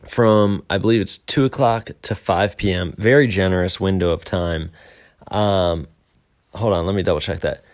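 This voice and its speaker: A man's voice: deep voice, moderate pace. Chatty young man hosting a morning show. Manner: rambling, upbeat, self-deprecating asides. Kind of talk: casual solo podcast talk.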